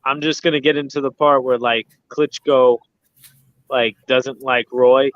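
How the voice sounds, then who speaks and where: A man's voice: mid-range voice, fairly even intonation, unhurried, smooth, no echo. A man hosting a boxing livestream in casual chat, rambling with lots of fillers and restarts. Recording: dull lo-fi sound.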